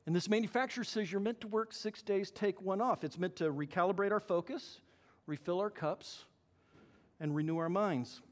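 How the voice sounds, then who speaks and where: A man preaching a sermon as pastor, animated and acting out the voices he quotes. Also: high voice, normal speed. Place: church hall. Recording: long hall reverb.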